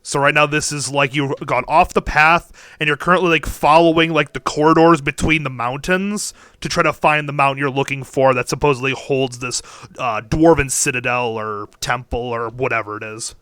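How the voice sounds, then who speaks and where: A man's voice: medium pitch, fairly even intonation, normal speed, pushed and bright, clean tone, no room sound, clean studio sound. A young man narrating as game master over a voice call, rambling with fillers and restarts. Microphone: headset or desk mic on a voice call.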